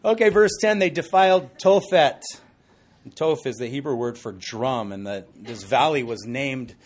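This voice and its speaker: A middle-aged man preaching an expository sermon as pastor, conversational and animated, with jokey asides. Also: medium pitch, unhurried.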